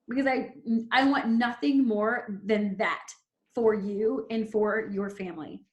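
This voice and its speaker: A woman's voice: a little high, reverberant. A woman in her thirties leading a team call, giving an emphatic, fervent motivational pep talk. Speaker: team leader.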